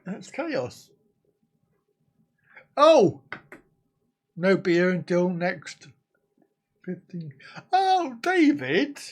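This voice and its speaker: A man's voice: high-pitched, very animated, drawn-out words, long pauses. A man hosting a casual live stream, chatting and laughing as he answers viewer comments.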